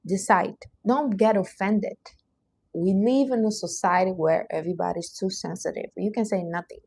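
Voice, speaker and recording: A woman's voice: mid-range voice, normal speed, vocal fry, a little mellow, husky. A woman from Brazil, hosting a casual livestream in a blunt, emphatic, motivational way. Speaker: livestream host.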